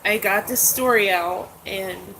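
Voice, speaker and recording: A middle-aged woman vlogs from her bedroom, telling a story in an upset, rambling way with plenty of fillers. She sounds close to tears the whole time. Her voice sits at an ordinary middle pitch, and steady background noise runs under it. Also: slow pace, creaky, rough recording. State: holding back tears. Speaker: vlogger. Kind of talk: casual personal storytelling vlog.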